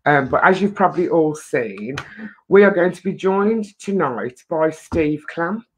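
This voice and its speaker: A woman's voice: deep voice, lively intonation, measured pace, slight background noise. A woman with an English accent hosting a casual live-stream chat, talkative and emotional. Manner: chatty, emotional, swears lightly. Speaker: host.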